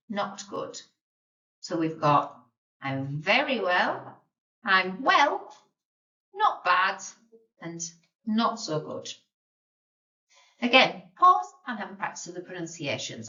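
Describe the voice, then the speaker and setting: Woman, teacher, beginner language lesson, lively pitch, patient, slow modelled words, roomy distant dull sound. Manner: clear, patient, models pronunciation slowly. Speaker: German teacher.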